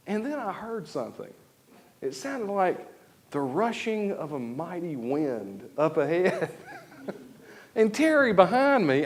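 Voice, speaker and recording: A man, preaching a sermon and telling a story with lively, acted-out moments. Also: fairly high pitch, unhurried. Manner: animated storytelling with laughs and acted-out shouts. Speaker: pastor. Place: church sanctuary.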